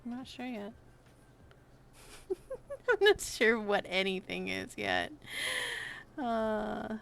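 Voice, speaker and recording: A woman's voice: mid-range voice, wildly swooping pitch, slow, gravelly, a bit bright. A woman streamer chatting casually while she draws, playful and self-amused. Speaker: art streamer. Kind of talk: casual chat while drawing.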